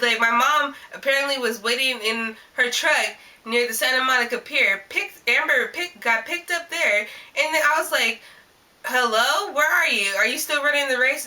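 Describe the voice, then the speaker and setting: A woman vlogger recounting a story in casual, animated chat, filling her sentences with "like". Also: sits high. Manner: rambling and animated, constant "like" fillers. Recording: voice a little distant from the mic.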